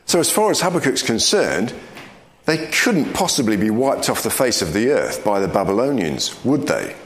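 A man's voice: mid-range voice, echoey room. A man leading a Bible study, explaining scripture and reading verses aloud. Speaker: Bible teacher.

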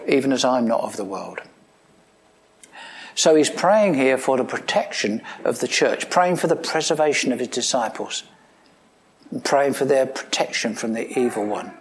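A pastor preaching a sermon in a conversational style, asking his listeners questions, with touches of dry humor and sudden emphatic lines. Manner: swings between emphatic rising lines and low quiet asides.

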